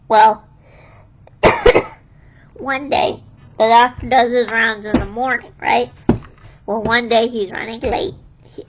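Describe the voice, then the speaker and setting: A woman's voice: a little high, dull audio, slight background noise. A young woman casually telling stories from her hospital stay, laughing often and acting out what people said. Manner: laughs often while telling, animated quoting of others. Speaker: vlogger telling her life story. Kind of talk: casual storytelling.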